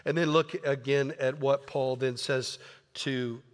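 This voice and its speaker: A man's voice: mid-range voice, steady tone, measured pace, big-room sound. A man pastor preaching a sermon in an earnest, conversational way, often repeating words. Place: church sanctuary.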